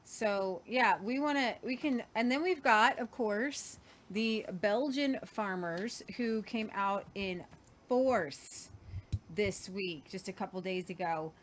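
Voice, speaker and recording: A woman's voice: medium pitch, takes it slowly, slight background noise. A woman co-hosting a casual weekly news show, rambling and hesitant as she lays out the stories. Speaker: co-host.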